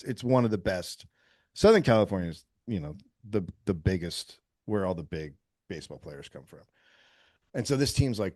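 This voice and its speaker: A man who is a comedian guest, telling a story in casual podcast chat, animated and profane, acting out quotes. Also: low voice, no echo, clean studio sound.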